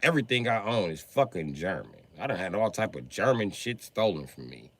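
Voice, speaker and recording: Give me a profane, excitable man ranting on a livestream with a lively, bright voice. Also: sits low, fairly quick. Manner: excitable, profane, bursts into shouting. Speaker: livestreamer and car mechanic.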